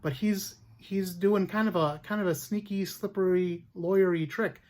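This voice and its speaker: A man's voice: high voice, steady tone, normal speed, a little mellow. A man hosting a history podcast, telling a story casually with lots of fillers and restarts. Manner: chatty, many fillers and restarts.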